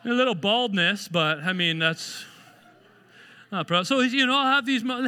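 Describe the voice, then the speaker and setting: A man's voice: sits high, lively intonation, normal speed, bright, forceful tone, clear, resonant tone. A man preaching a sermon in a conversational, self-deprecating way, acting out mock apologies. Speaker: pastor. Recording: long hall reverb.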